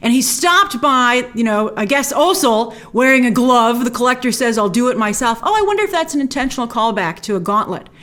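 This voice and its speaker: A woman hosting a show, giving a casual, excited, chatty breakdown and review of an episode, often quoting characters in little voices. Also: on the high side, brisk, hardly any pauses. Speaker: show host.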